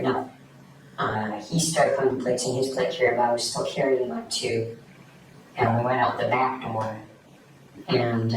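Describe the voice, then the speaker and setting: A man recounting events in a recorded police interview, speaking quietly and haltingly with many fillers. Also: medium pitch. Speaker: suspect recounting a crime. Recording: echoey distant room mic with noise.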